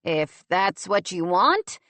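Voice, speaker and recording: A woman's voice: on the low side, big pitch swings, slow pace, no echo, exaggerated voice. A woman voicing a grown man, a worried boyfriend who presses and pleads, in an audiobook. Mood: insistent. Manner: pressing, then gently pleading.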